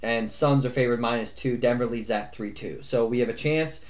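A man co-hosts a laid-back sports podcast, his voice sitting at an ordinary middle pitch. He rambles through his points with plenty of fillers, restarts and casual swearing. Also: fairly quick. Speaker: podcast co-host.

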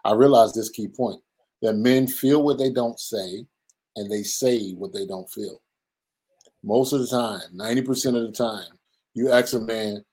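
A man's voice: fairly low pitch, measured pace, darkish tone, breathy edge, rough recording. A man in his fifties, a pastor and men's ministry leader, talking earnestly in an interview and acting out the people he quotes. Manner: earnest, preacherly, acts out quoted voices. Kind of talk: conversational interview.

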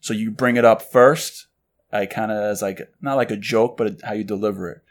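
Low-voiced casual man, filler-heavy chat. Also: normal speed. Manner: relaxed, filler-heavy, acts out quoted lines. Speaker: podcast co-host. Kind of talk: casual chat about books.

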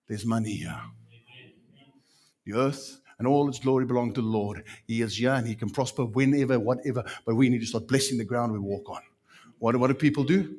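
Animated South African preacher, husky voice. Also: male voice, mid-range voice, fairly quick. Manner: animated, emphatic, rhetorical questions. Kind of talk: sermon.

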